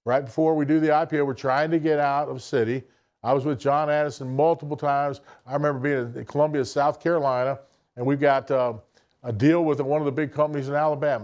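A man's voice: mid-range voice, fairly even intonation, quick pace, darkish tone. Blunt folksy man in his sixties. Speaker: business speaker addressing an audience. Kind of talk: motivational speech.

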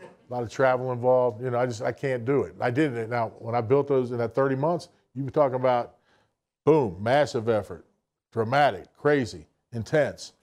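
A man's voice: mid-range voice, normal speed, darkish tone. A man, giving a blunt, folksy motivational talk to an audience. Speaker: business speaker addressing an audience. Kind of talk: motivational speech.

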